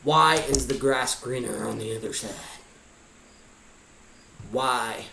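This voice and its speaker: A man's voice: mid-range voice, slow pace, vocal fry, sharp tone, a little hiss or hum. A man vlogging a pondering monologue of rhetorical questions. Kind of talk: musing monologue. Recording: echoey room.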